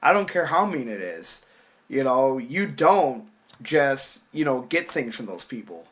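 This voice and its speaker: Young man, bright edgy voice, animated storyteller who acts out quotes and swears casually. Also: mid-range voice, a little slow.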